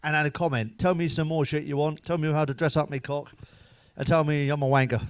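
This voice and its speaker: A man's voice: on the high side, fairly even intonation, fairly quick, clean tone, dry recording. A man telling crude jokes straight to camera, swearing freely and laughing at his own punchlines. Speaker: comedian.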